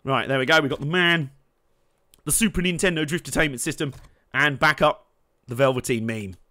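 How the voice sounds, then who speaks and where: A young man giving casual, jokey gameplay commentary, laughing often, swearing, and bursting out excitedly. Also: fairly high pitch, a little fast. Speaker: let's play host.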